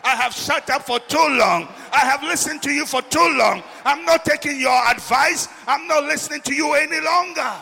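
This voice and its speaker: A man's voice: medium pitch, big pitch swings, slow, pitched below the performer's own voice. Preacher voicing a defiant blind beggar man. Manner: pleading, then shouting defiance. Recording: long hall reverb.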